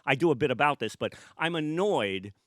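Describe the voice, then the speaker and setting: Man, American, comedy podcast guest, rambling jokes, fairly high voice, dry sound. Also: fairly quick, no echo. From United States. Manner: animated, joking, rambling with restarts. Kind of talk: casual podcast chat.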